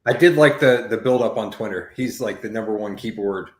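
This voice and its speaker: A man's voice: on the low side, a little fast. Casual, rambling man in an echoey room. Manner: rambling, swears freely, many fillers. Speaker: podcast co-host. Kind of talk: casual chat.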